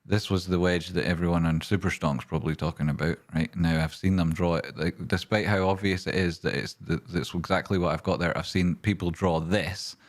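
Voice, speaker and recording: Low-voiced man ranting on a livestream. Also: fairly even intonation, brisk, hardly any pauses. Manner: ranting and swearing, then rambling while walking through charts. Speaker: livestream host and stock chart analyst. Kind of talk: casual livestream chat, reading viewer questions.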